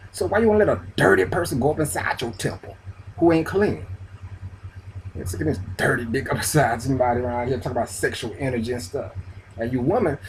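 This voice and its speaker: A man's voice: a little high, a little hiss or hum. Profane scolding man ranting spiritually. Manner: scolding, profane, street slang, repetitive. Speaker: spiritual video host. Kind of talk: preachy spiritual rant to camera.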